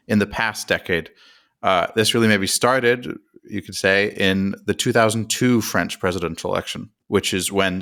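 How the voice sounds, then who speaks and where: An American man with a low voice and a sharp tone co-hosts a podcast. He explains politics in a chatty, self-deprecating manner, peppered with fillers and restarts.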